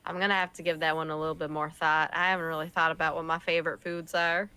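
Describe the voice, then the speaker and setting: A woman playing a tabletop game over an online call, deadpan and joking in casual chat. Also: sits low, fast talker, smooth, rough recording. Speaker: player.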